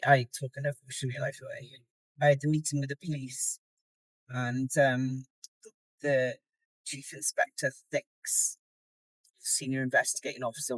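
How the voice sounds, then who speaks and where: A middle-aged woman chats casually to her phone camera, rambling and open, sometimes dropping soft and tired. Her voice sits close and dry, with no room sound around it. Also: very deep voice, no room sound, rough recording. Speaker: competitor vlogging her contest prep. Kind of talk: casual vlog chat. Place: in a car.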